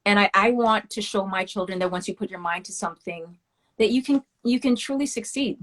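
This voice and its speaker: Candid, animated woman interview guest. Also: medium pitch, fairly quick. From West Indian family. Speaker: guest, children's book author. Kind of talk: casual interview talk.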